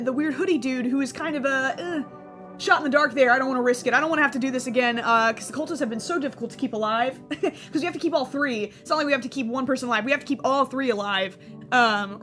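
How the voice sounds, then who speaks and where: A woman's voice: high-pitched, a bit bright. A young woman streamer giving goofy, rambling let's-play commentary and laughing often. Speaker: gaming streamer.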